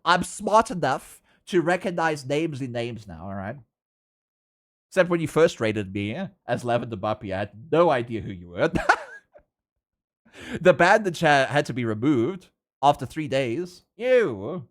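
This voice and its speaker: Lively male streamer. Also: mid-range voice, unhurried. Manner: animated, laughs often, talks to chat. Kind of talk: casual live-stream chat while drawing.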